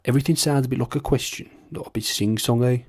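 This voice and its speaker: A man's voice: medium pitch, fairly even intonation, fast talker, a little mellow, breathy edge, pitched above the performer's own voice. A man imitating a Birmingham accent, sing-songy, with each sentence rising like a question. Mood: drawling.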